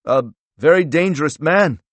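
A man's voice: fairly high pitch, expressive, measured pace, no echo, pitched above the performer's own voice. A frail, agitated old man pleads and protests in a raised, strained voice, as a male narrator puts him on. The recording is dry and close. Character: frail older German man in wheelchair, protesting.

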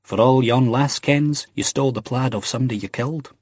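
A man's voice: mid-range voice, brisk, darkish tone, slightly rough, dry recording, studio quality, voice pushed up, lightly acted. A man voicing a blunt, teasing young man with a Scottish accent.

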